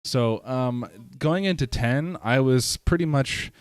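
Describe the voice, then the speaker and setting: A man's voice: medium pitch, takes it slowly, clear, resonant tone, dry recording. A man co-hosting a podcast, chatting casually in a laid-back, joking way with casual swearing. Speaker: podcast co-host. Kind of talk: casual chat.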